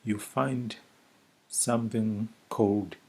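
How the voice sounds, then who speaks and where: A man teaching a language lesson, speaking slowly and deliberately and repeating each word for learners. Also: on the low side, fairly even intonation, vocal fry, darkish tone.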